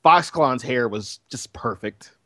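A man's voice: medium pitch, animated, slow, fairly bright tone, no echo, clean studio sound. A man co-hosting a gaming podcast, joking around and blurting things out. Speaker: podcast co-host. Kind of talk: casual gaming podcast chat.

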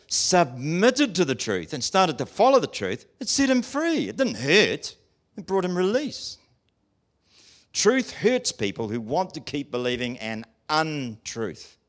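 A man preaching a sermon in an emphatic way, often asking his listeners questions. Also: medium pitch. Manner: animated, emphatic, asks the audience questions.

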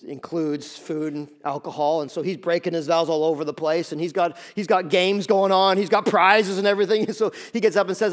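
A male pastor preaching a sermon, retelling a story in a lively, joking way and acting out the characters' lines. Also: on the high side. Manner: lively storytelling, acts out voices.

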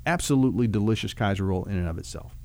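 A man who works as a marriage counselor, explaining relationship advice in a relaxed, folksy storytelling way with vivid food analogies. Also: on the low side, very fast. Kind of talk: conversational teaching on a talk show.

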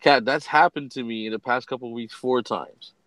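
A man's voice: mid-range voice, brisk, a bit bright, dry recording, poor audio. A man co-hosting a casual podcast, talking in a laid-back, slangy way and often stammering and restarting his sentences. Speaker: podcast co-host.

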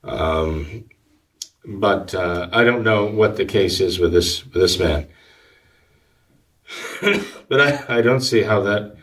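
Man, priest, low voice, halting talk full of fillers, sounds set back from the mic. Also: distant mic. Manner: measured, halting, with many fillers and restarts. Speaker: Catholic priest answering listener questions. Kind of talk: conversational commentary.

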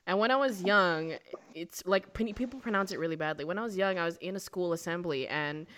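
A woman's voice: lowish voice, brisk, fairly bright tone. A young woman co-hosting a casual podcast, telling stories in a chatty way with frequent laughs. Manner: chatty storyteller, laughs often. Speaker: podcast co-host. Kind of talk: casual chat.

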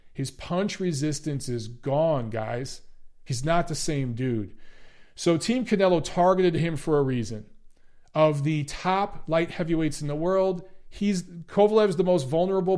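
A man's voice: on the high side, darkish tone. A man doing blunt, sarcastic boxing commentary on a livestream, swearing freely and answering chat. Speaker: boxing analyst and ratings panelist.

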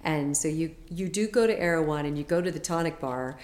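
A woman's voice: low voice, fairly quick, a little mellow, roomy sound. A woman guest on a podcast, a health coach talking in a chatty, enthusiastic way with lots of fillers. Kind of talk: casual interview chat.

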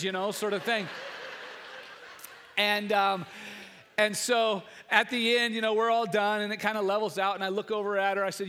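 A man's voice: sits high, steady tone, a little fast, pushed and bright, in a large hall. A man in his thirties, a pastor, preaching an Easter sermon, telling a family story in a conversational way that builds to emphatic preaching.

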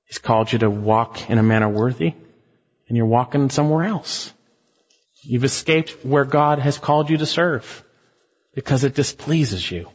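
A man's voice: medium pitch, moderate pace, husky, big-room sound, muffled recording. A man preaching an expository sermon, emphatic and dramatic as he walks through a passage. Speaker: pastor.

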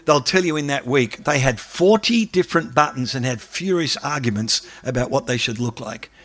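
A man, an academic, giving a lively lecture and taking questions from the audience. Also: mid-range voice, normal speed, dry recording. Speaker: academic speaker.

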